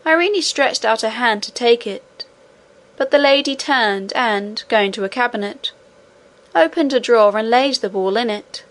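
A woman reading a children's fantasy novel aloud as an audiobook narrator. Her voice is fairly high, and she tells the story in a clear, even way. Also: moderate pace.

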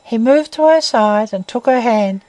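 A woman reading a classic novel aloud as narrator in a measured, even way. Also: a little high, dry recording, rough recording.

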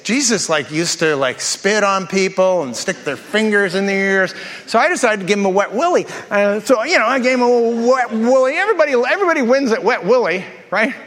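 A man's voice: high-pitched, lively intonation, fairly bright tone. Male pastor, upper register, joking sermon delivery, long church-hall reverb. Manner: jokey storytelling, quick asides and self-repeats.

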